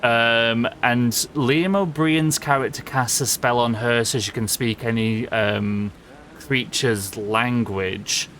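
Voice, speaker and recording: Speaking slowly with fairly even intonation, this young Yorkshire-accented Englishman has a mid-range, slightly bright voice over a little hiss or hum. While gaming on a live stream he rambles, swears freely, laughs a lot and responds to chat.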